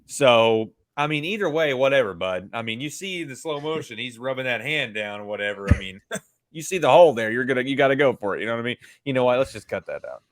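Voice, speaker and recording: A man's voice: mid-range voice, expressive, fast. A man co-hosting a casual movie review chat, playful and prone to slipping into silly voices. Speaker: podcast co-host.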